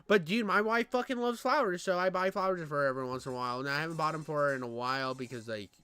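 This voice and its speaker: A young man reacting to clips with rowdy, foul-mouthed comedy, his voice sitting high and sounding bright and crisp. He jumps into sudden shouts. The sound is dry and close. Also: very fast. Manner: loud, excitable, profane, bursts into shouts. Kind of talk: crude comedic reaction commentary.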